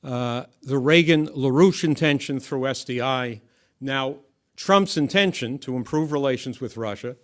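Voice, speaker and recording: A man giving measured, emphatic political commentary, often restarting his phrases. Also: mid-range voice.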